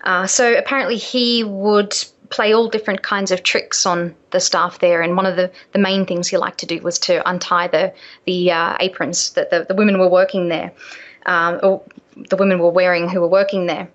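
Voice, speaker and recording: A woman's voice: on the low side, level tone, normal speed, lo-fi sound. A woman, an author guest on a radio show, telling stories in a hesitant way with many fillers. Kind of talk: interview storytelling.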